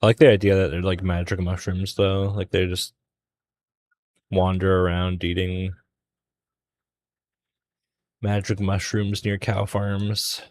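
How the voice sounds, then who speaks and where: A man's voice: sits low, flat delivery, takes it slowly, long pauses, darkish tone, no room sound. A young man streaming a drawing session, rambling through a casual story with lots of fillers. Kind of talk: casual chat while drawing.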